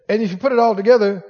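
A man preaching a sermon as pastor, exhorting the congregation and rising to shouts. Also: very high voice, in a large hall, lo-fi sound, noisy background.

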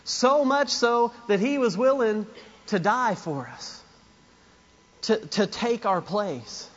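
High-voiced man preaching a sermon. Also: animated, slow, a bit bright, muffled recording. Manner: emphatic preaching with repetition and asides to the congregation. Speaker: pastor.

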